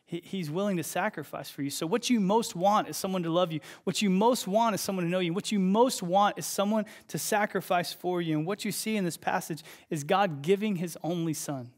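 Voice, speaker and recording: Animated high-voiced young male preacher. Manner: energetic, animated storytelling with bursts of loud emphasis. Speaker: pastor. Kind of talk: sermon.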